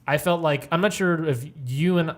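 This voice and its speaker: A man's voice: fairly high pitch, moderate pace. Man, podcast host, casual chat, laid-back, swears freely, laughs a lot.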